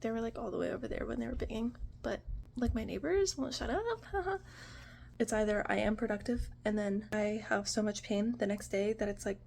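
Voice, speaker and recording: A woman's voice: medium pitch, a little fast, gravelly, darkish tone, a little hiss or hum. A woman in her twenties from the United States, rambling casually to the camera in a vlog at home, full of "like" and "you know". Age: 20s. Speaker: vlogger. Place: home apartment.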